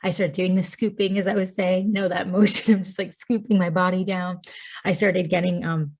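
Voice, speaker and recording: Chatty woman from Tennessee, lowish voice. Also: little pitch movement, fairly quick, a little mellow. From Tennessee, USA. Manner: chatty, laughs often, says "like" a lot. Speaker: podcast guest. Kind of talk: casual storytelling.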